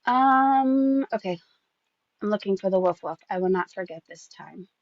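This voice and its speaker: A woman's voice: medium pitch, expressive, normal speed, no echo, lo-fi sound. A woman hosting a gossip channel, reading out screenshots in casual, sarcastic commentary that swears freely and keeps getting distracted.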